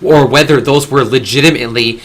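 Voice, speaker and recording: A man's voice: medium pitch, steady tone, brisk, a bit bright. A young man hosting a casual discussion, talking earnestly in long, rambling stretches with frequent restarts. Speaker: discussion host.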